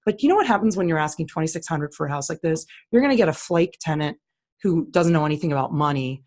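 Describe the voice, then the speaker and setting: A woman with a low-pitched voice talks casually and bluntly. She walks through listings on screen, opinionated and plain-spoken. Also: expressive, fast talker, a little mellow. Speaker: co-host. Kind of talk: casual screen-share commentary.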